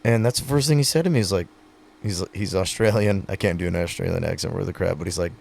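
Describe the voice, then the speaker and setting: A man's voice: deep voice, fast, gravelly, a little mellow, a little hiss or hum. A man, a retiring pro rodeo athlete, talking earnestly in a casual podcast conversation, telling stories with many fillers.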